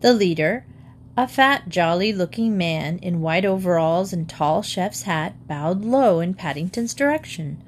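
A woman narrating a children's storybook aloud in a measured, clear way. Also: lowish voice, animated, slight background noise.

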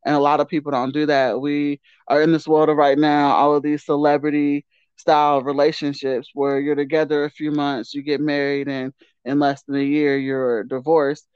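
A woman's voice: sits low, little pitch movement, moderate pace, a little mellow, clean tone, dry recording. Emphatic, self-assured woman on a dull line. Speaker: guest. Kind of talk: casual podcast debate.

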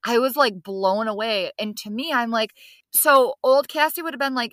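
A woman's voice: a little high, normal speed, fairly bright tone, no echo. A woman co-hosting a podcast in casual chat, telling stories animatedly and acting out quoted lines with casual swearing. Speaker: podcast co-host.

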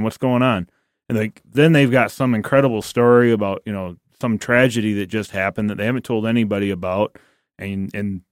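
A man with a low voice co-hosts a church podcast. He talks earnestly and reflectively. The recording is close and dry, with no room sound. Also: no echo. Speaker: podcast co-host. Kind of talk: casual church podcast chat.

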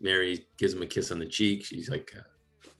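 A man's voice: deep voice, moderate pace, faint music behind. A man hosting a casual chat, recapping film scenes with laughter and quoted lines. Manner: animated, laughing, acts out quotes.

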